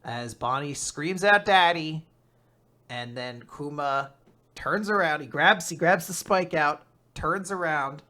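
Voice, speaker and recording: A podcast host tells a manga recap in a casual, animated way, swearing freely along the way. The voice sits at a middling pitch. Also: unhurried.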